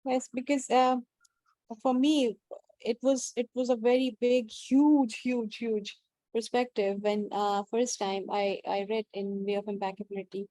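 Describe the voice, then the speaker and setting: A woman in a group discussion, sharing her view earnestly and haltingly, with frequent restarts. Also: fairly high pitch, steady tone, mellow, dry recording.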